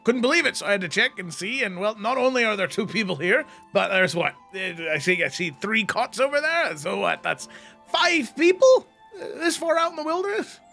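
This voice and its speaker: A man voicing a rough-spoken male dwarf lumberjack who swears and stammers, with faint music behind. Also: high voice, big pitch swings, moderate pace, sharp tone, heavily acted. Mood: blustering.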